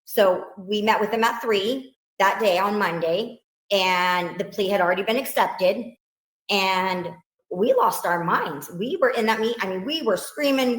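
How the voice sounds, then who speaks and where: A woman, a victim's mother, recounting events in an emotional interview, halting with many restarts and quoting what others said. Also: medium pitch, roomy sound, poor audio.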